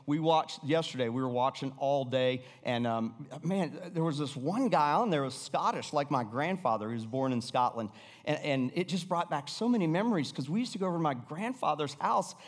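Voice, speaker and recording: Man, American accent, middle-aged, pastor, conversational sermon, restarts, somewhat high voice, long hall echo. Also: animated, fairly quick. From United States. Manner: conversational, with repeated restarts and sudden drops to a hush.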